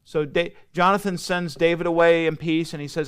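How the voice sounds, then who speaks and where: A man teaching a midweek Bible study, his voice smooth and clear and sitting a little high for a man. He retells scripture casually and conversationally, slipping into the characters' lines as he goes. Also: fairly even intonation, a little fast, few pauses, a bit bright. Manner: conversational storytelling with acted-out dialogue. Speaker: pastor.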